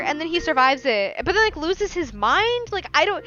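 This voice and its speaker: A woman rambling through a casual book review podcast in a profane, animated way, recorded on a lo-fi home mic. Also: very high-pitched, moderate pace, few pauses, noisy background. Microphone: non-professional mic. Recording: lo-fi home mic, faint music.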